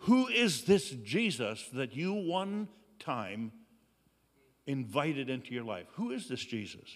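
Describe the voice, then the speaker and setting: A man preaching a sermon, earnest and slow, with dramatic pauses. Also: mid-range voice, big pitch swings, in a large hall. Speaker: pastor.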